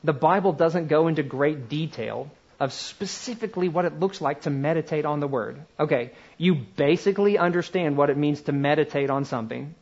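A man teaching a class in a conversational lecture style, slowing down to stress single words. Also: on the high side, darkish tone, dull audio. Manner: conversational, slows to emphasize words one at a time.

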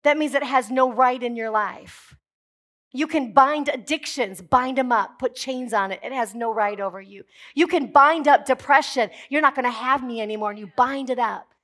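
A woman pastor with a high voice delivers a sermon. She speaks emphatically and builds to forceful declarations, breaking off now and then for jokey asides to her congregation. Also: normal speed.

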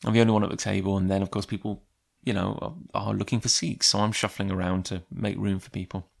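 Gravelly man telling a rambling story. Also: on the low side, flat delivery, quick pace. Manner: rambling, chatty, with frequent fillers. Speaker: comic creator. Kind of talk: casual personal storytelling.

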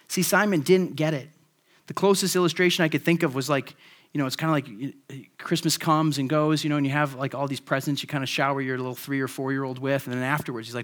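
A man's voice: a little high, brisk, a bit bright. A man preaching a sermon in a casual, conversational way, with frequent "like" and "right?" tag questions. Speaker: pastor.

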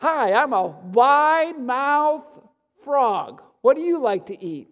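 A pastor voicing a cheerful, chatty wide-mouthed frog with a big, slow, exaggerated greeting in a story told from the pulpit. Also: high voice, big pitch swings, dull audio, voice pushed up, heavily acted. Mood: cheery. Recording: long hall reverb.

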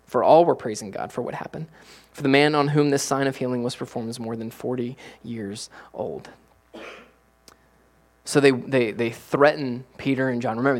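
A middle-aged man preaching as a pastor. His delivery swings from hushed to loud and excited. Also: medium pitch. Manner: animated preaching with big swings from quiet to loud. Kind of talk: sermon.

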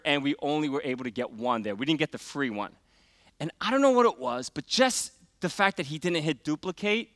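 A middle-aged man preaches in a relaxed storytelling style, full of small fillers and quiet drops for emphasis. His voice is a little high for a man, bright and smooth. The sound is close and dry. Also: no room sound. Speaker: pastor. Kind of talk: sermon with personal story.

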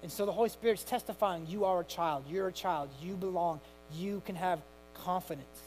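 A middle-aged man preaching a sermon with passion, moving from hushed tones to loud cries. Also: high voice, a little fast, soft background music, poor audio. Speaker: pastor.

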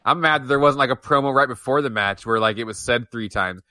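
Animated man with a bright voice. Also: mid-range voice, fast talker, no echo. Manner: animated, laughs often, trails off mid-sentence. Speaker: podcast co-host. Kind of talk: casual wrestling review chat.

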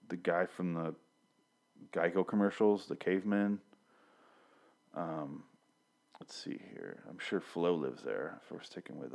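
A young man giving a casual, rambling TV recap, swearing often and restarting his sentences as he gets worked up and flustered. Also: deep voice. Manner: rambling, profane, frequent restarts and fillers. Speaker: TV episode recapper. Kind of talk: casual rant.

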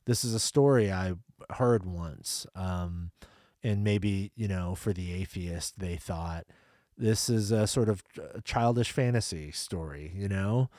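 A middle-aged man with a lowish voice speaks in a reflective, earnest way. His casual conversation is full of "you know", and the sound is dry and close. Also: unhurried, a little mellow, no room sound. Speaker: parent and co-host discussing faith.

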